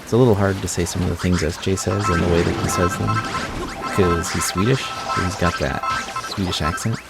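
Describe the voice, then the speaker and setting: A tired American man giving relaxed, rambling commentary over his gameplay as the host of a gaming channel. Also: sits low, fairly quick, vocal fry, over loud music. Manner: relaxed, rambling, self-correcting. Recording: loud game sound effects behind voice.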